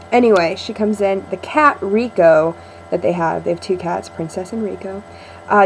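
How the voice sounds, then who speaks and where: A woman's voice: medium pitch, darkish tone, a little hiss or hum, poor audio. A young woman chatting in a casual video diary to a friend, rambling and sarcastic, with lots of ums, recorded at home. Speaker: vlogger.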